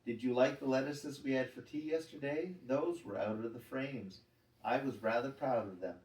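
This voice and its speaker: A man's voice: medium pitch, normal speed, a little mellow, close to an everyday voice. A man voicing a cheerful schoolboy gardener, friendly and a little bossy. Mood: proud, cheerful. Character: cheerful schoolboy gardener, proud of his lettuces. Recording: roomy, distant mic.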